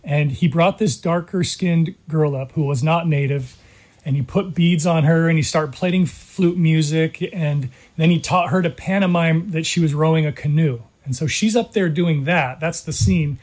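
A middle-aged man from California, telling his story in an earnest, measured way as an interview guest. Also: a little high, a little mellow. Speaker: guest, documentary creator. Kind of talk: interview conversation.

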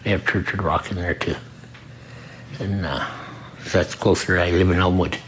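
A man who works the front desk at a recovery program, telling his own story in an earnest, halting way and often repeating himself. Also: low-pitched, fairly even intonation, fairly bright tone, a little hiss or hum, poor audio. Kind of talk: personal testimony in an interview.

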